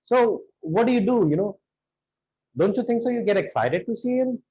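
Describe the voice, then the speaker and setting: A man's voice: high-pitched, lively intonation, normal speed, mellow, muffled recording. A man with an Indian English accent teaching spoken English, acting out lines of dialogue to show intonation.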